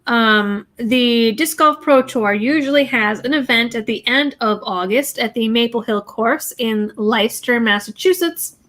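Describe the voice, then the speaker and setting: A woman with a slightly high voice chats loosely on a livestream. She is blunt and rambling, drifting from one thing to the next as she reads viewer messages aloud. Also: unhurried, few pauses, a bit bright. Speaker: livestream host reading viewer super chats. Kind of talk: casual livestream chat.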